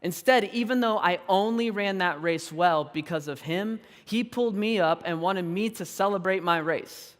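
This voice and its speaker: A man in his thirties preaching a sermon, telling a personal story in an animated, self-deprecating way and laughing often. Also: high voice, normal speed, hardly any pauses, in a large hall. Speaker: pastor. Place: large church auditorium.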